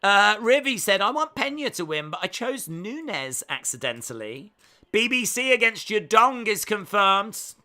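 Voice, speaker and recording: Bright, high English Midlands man. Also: very animated, unhurried. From England. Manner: joking, teasing banter. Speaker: live-stream host. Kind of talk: live watch-along commentary, reading chat.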